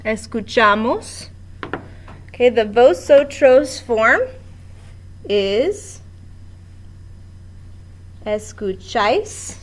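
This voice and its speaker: A woman's voice: a little high, expressive, drawn-out words, pauses often. A woman teaching a Spanish grammar lesson at a board in a classroom, explaining step by step with patience.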